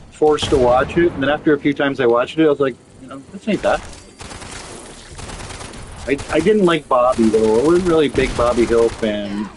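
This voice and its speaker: A man's voice: mid-range voice, slight background noise, poor audio. Rambling man, casual gaming chat. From Canada. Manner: rambling, profane storytelling with many restarts. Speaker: streamer chatting while gaming.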